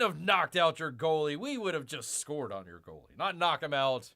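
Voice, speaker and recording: A man's voice: fairly high pitch, expressive, normal speed, creaky, few pauses, pushed and bright. A middle-aged man hosting a livestream, reading out news and mocking it in a rambling, sarcastic way. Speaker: livestream host. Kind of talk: casual commentary on news.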